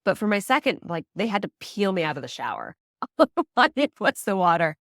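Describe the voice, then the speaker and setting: A woman guest in a casual interview, chatty and quick to laugh, often acting out the voices of people she quotes. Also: medium pitch, sing-song, fairly bright tone, no echo, clean studio sound. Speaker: prenatal yoga teacher and doula, guest.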